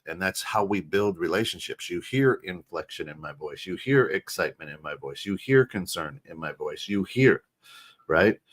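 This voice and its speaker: A middle-aged American man co-hosting a podcast, talking in an animated, casual way, restarting phrases and often asking "right?". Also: deep voice. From United States. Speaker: podcast co-host. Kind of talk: casual chat.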